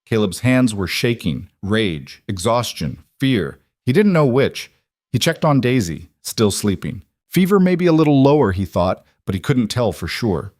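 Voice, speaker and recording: A man reading a scripted dramatic story in a steady, even narrating manner. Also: on the low side, measured pace, no echo, clean studio sound.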